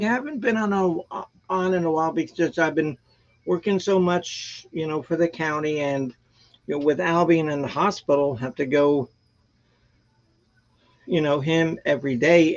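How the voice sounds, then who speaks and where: A man hosting a live stream, talking in a rambling, animated way and laughing often. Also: fairly high pitch, measured pace, muffled recording. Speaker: host of a live music stream. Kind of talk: casual chat.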